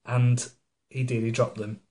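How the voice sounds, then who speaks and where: Man, podcast co-host, casual chat, mocking retellings, mid-pitched voice. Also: level tone, a little slow, dark tone. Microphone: studio microphone.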